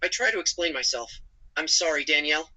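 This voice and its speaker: A text-to-speech male voice playing a calm, apologetic AI companion chatbot who narrates his own actions. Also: fairly high pitch, brisk, heavily acted, rough recording.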